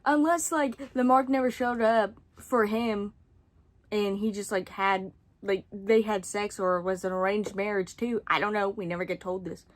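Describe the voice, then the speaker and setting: A woman's voice: medium pitch, steady tone, moderate pace. A young adult woman reviewing a book series in casual chat, sarcastic and rambling, with frequent swearing and asides.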